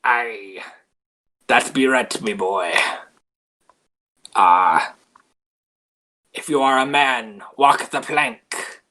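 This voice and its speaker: A man's voice: mid-range voice, extremely slow, long pauses, sharp tone, low-quality recording. A man voicing a blustering male pirate captain in a comedy sketch, with bossy stock pirate talk. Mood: threatening.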